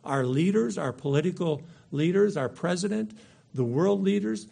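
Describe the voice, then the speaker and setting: Gravelly, husky-voiced male preacher. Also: high voice, animated, moderate pace, mellow. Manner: emphatic, repeats key points for stress. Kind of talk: sermon with scripture reading.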